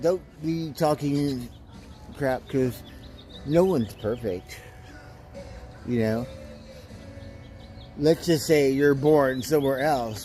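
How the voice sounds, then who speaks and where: A man's voice: medium pitch, takes it slowly, long pauses, warm tone, faint music behind. A man hosting a livestream, chatting casually and rambling, swearing now and then and cooing at his cats. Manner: laughs easily, swears casually. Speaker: livestream host.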